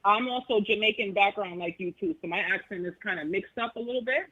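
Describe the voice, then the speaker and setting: A woman caller from the Bronx with a Bronx accent, chatting in a friendly way and softening her questions. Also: medium pitch, fast, narrow, tinny audio. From the Bronx, New York.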